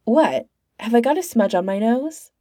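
A woman doing a sarcastic young time-jumper, higher than usual. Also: lively intonation, warm tone, no echo, clean studio sound. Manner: sarcastic and quick-tempered.

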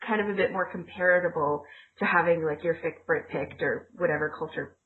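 A woman's voice: deep voice, fairly quick, slight background noise. A woman co-hosting a casual podcast chat, rambling and laughing often as she corrects herself. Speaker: podcast co-host. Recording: tinny phone-like audio.

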